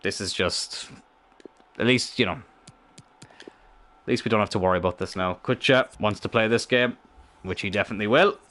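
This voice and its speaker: Bright-voiced excitable young gamer man. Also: on the low side, normal speed, long pauses. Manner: excitable, swears freely, thinks aloud. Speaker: gamer commentating his own play. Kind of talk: casual let's-play commentary.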